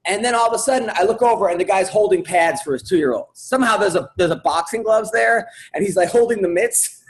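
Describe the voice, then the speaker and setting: A man with a notably high voice hosts a comedy podcast. He tells a long story casually, stumbling over his words, restarting sentences and leaning on filler words. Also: brisk, poor audio.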